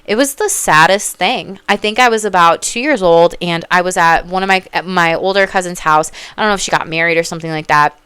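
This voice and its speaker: Chatty woman vlogging, blunt and swears a lot, keeps saying y'all, smooth clear voice, dry close sound. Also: lowish voice, a little fast, few pauses, no echo. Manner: animated and blunt, swears freely, calls her viewers "y'all"; rambling, goes off on tangents. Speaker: psychic and life coach. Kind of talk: casual monologue to viewers.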